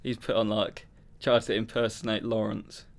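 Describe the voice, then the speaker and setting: Low-ish and level with some vocal fry, this young man's voice moves at a normal speed as he co-hosts a podcast. He speaks with a Southern English accent, rambling and chatty in casual talk, sometimes putting on mock accents.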